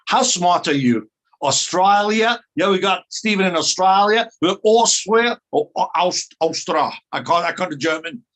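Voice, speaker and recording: A man's voice: sits high, expressive, moderate pace, a bit bright. A South African man leading an online training call, greeting attendees with playful, upbeat banter over a video call.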